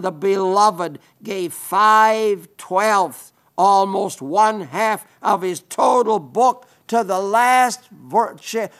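Slow-speaking high-voiced male preacher. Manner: measured, emphatic scripture reading, drops to soft prayer. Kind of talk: sermon.

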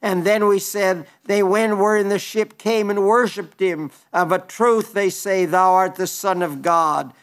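Man, pastor, sermon, high voice, earnest, restarts often. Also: fairly even intonation, measured pace, hardly any pauses. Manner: earnest, reads scripture aloud then explains it with frequent restarts.

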